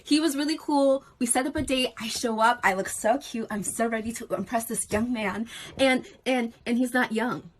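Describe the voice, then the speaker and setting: A woman's voice: a little high, normal speed, slight background noise. A young woman telling a casual storytime with an exasperated edge.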